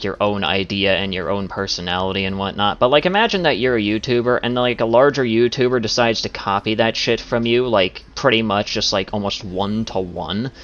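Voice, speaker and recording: A man's voice: mid-range voice, a bit bright. A man ranting in a commentary video, swearing often and filling his talk with "like" and "you know.". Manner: profane, filler-heavy with many "like"s. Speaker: commentary YouTuber. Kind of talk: rambling commentary rant. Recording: dull lo-fi audio.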